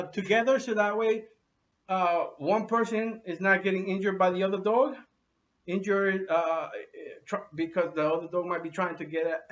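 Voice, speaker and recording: A man giving an unscripted how-to demonstration at home with his pets, talking in a halting way with many restarts and fillers. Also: high voice, recorded from a distance. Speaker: dog owner giving a how-to. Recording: dull lo-fi sound from off mic.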